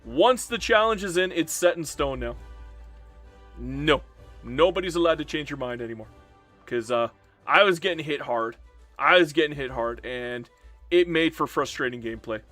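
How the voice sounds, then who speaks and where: A man's voice: on the high side, expressive, normal speed, fairly bright tone, faint music behind. A man streaming a strategy game live, playfully answering chat and mock-complaining as he talks through his plans. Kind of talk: live-stream gameplay commentary.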